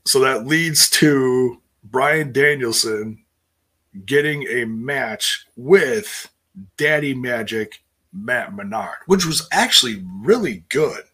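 Taking his time, a wrestling show recap host chats loosely in a husky voice with a bright edge. He often breaks off and restarts sentences, and he switches to a higher pitch to act out quotes.

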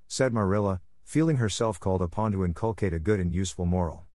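Man, audiobook narrator, measured storytelling, low voice, dry. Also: warm tone, dry recording.

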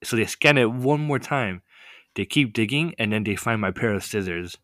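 A young man telling a story in a casual chat, animated and full of fillers. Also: fairly low pitch, moderate pace, dry recording, clean studio sound. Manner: animated, many "like" fillers, laughs often. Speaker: podcast guest telling a story.

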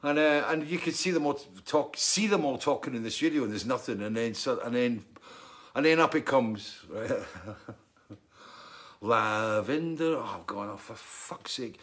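A man's voice: medium pitch, a little slow. Chatty man telling a story. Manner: animated storyteller, laughs and coughs between phrases. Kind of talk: casual rambling monologue.

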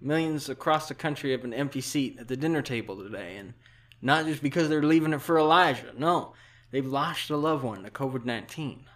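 A man's voice: medium pitch, a little fast, natural voice. A man doing a mushy-mouthed old president. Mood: rambling. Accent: put-on Southern drawl. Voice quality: mushy, as if something in his mouth. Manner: meandering deadpan jokes, trailing asides. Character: rambling elderly male president, folksy and off-color. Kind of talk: satirical speech impression.

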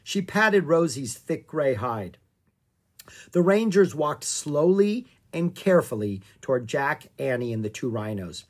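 An audiobook narrator reading a children's story aloud in a calm, expressive way. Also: mid-range voice, a little slow.

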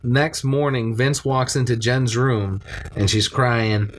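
A man's voice: mid-range voice, steady tone, slow, noisy background. A man casually retelling a movie's scenes, rambling and swearing as he quotes the characters. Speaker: podcast co-host recapping a movie.

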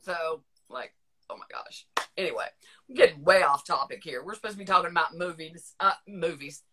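A woman's voice: on the low side, a little fast, noisy background. A middle-aged woman with a Southern US accent, hosting a podcast in a chatty, rambling casual conversation, laughing often. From Northern Virginia, USA. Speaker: podcast host. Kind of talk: casual chat.

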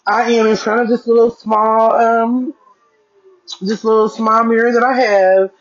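A woman's voice: a little high, level tone, a little slow, dull audio. A woman hosting a casual blog podcast from her bedroom desk, talking loosely to her listeners as y'all and stretching out key words. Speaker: podcast host.

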